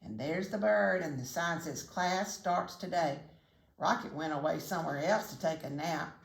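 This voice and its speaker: An older woman, a retired teacher, reading a children's story aloud in a gentle, teacherly way, pausing to ask the listener questions. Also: low voice, vocal fry. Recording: roomy echo.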